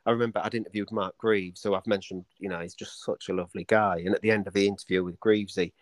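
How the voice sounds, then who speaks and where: Male author guest, low register, dry close mic, rambling anecdotal storyteller who acts out quotes. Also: steady tone, fast talker, no room sound. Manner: rambling storyteller with many restarts, acting out quoted voices. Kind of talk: casual podcast interview.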